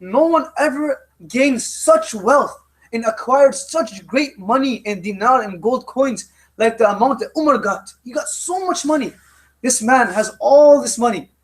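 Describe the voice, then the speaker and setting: A man with a strikingly high voice tells a story to a youth study circle. He talks in a lecture manner, circling back and repeating phrases for emphasis. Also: animated, unhurried. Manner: repeats phrases for emphasis, often restarts lines.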